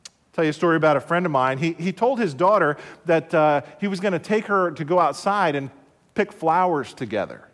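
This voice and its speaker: High-voiced preacher in an echoey hall. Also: male voice, expressive, a bit bright. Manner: measured, repeats key phrases, rhetorical questions. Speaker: pastor. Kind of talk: broadcast sermon.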